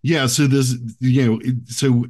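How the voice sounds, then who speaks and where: A man casually discussing a film, speaking haltingly with restarts and blunt swearing. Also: mid-range voice, little pitch movement, a little mellow. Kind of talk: casual movie review chat.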